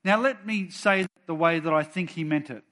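A man preaching to his church, moving between soft chatty asides and loud, bold readings of scripture. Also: fairly high pitch, a little fast. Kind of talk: sermon.

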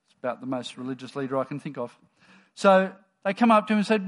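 A man preaching a sermon to his congregation in a relaxed, conversational storytelling manner. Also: sits high, moderate pace, long pauses.

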